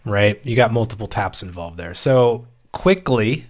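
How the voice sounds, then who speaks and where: A man's voice: on the low side, lively intonation, a little slow. A man co-hosting a podcast in casual chat, with a playful, jokey manner. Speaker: podcast co-host.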